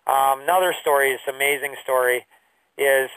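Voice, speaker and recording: A man teaching a business course through rambling stories, full of fillers, his voice jumping high when he quotes people. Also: steady tone, moderate pace, a bit bright, clear, resonant tone, dry recording, distant mic, poor audio. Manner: rambling storyteller with many fillers. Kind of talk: anecdotal online lesson.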